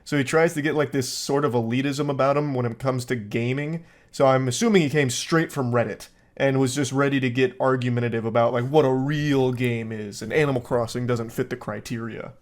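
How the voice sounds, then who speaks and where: A young YouTube commentator reads text messages aloud, adding dry, sarcastic comedic commentary. His mid-range voice is fairly even in intonation, a little fast, with few pauses.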